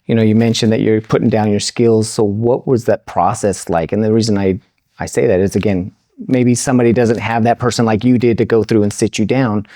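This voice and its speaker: A man's voice: fairly low pitch, fairly even intonation, fairly quick, warm tone, no room sound, studio quality. A male podcast host asking long, rambling questions with many restarts. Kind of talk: interview questions. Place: Las Vegas.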